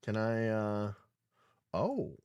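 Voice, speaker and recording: A man's voice: lowish voice, sing-song, very slow, darkish tone, clear, resonant tone, dry recording. A man hosting a podcast, reading news articles aloud and riffing on them in an irreverent, swearing, casual way. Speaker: podcast host. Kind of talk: casual livestream commentary.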